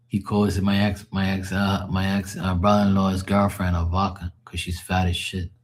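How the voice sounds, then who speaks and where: A man's voice: low voice, flat delivery, measured pace. A man doing casual chat with his live viewers as a tarot reader, rambling and loose, swearing and laughing often.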